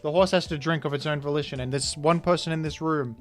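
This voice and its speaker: A man hosting and commentating a live online game tournament, excitable and playful, swinging from loud hype to quiet thanks. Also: fairly high pitch, quick pace, soft background music.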